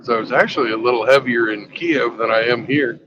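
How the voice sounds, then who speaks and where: A man's voice: mid-range voice, fairly quick, muffled recording. A man chatting casually while travelling by road, rambling through a crude joke in a mid-range voice. A faint hiss sits underneath him. His delivery is loose and unpolished. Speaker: vlogger. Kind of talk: casual chat and joke telling on a road trip.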